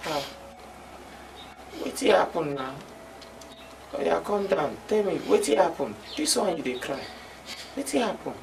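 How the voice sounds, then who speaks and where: A man's voice: fairly high pitch, very animated, measured pace, creaky, long pauses, distant mic, slight background noise, exaggerated voice. An actor playing a teasing co-worker who coaxes his friend, speaking with a Nigerian Pidgin accent.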